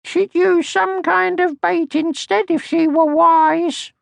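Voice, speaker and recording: A man voicing a tiny, fierce, scheming creature girl in an audiobook, with a sly, high voice. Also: fairly even intonation, takes it slowly, creaky, a bit bright, no echo, clean studio sound, full character voice. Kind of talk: audiobook character voice.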